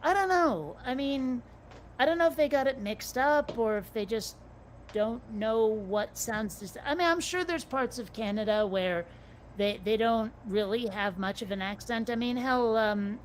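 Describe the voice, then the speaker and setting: A woman co-hosting a casual chat, talkative and quick to swear, often restarting her sentences. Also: on the high side, a little hiss or hum.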